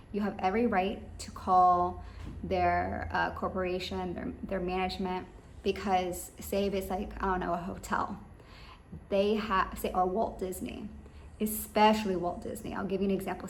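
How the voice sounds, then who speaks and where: A woman giving rambling, emphatic business advice straight to her listeners. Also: mid-range voice. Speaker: business coach. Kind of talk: advice monologue. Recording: echoey room with faint ambient noise.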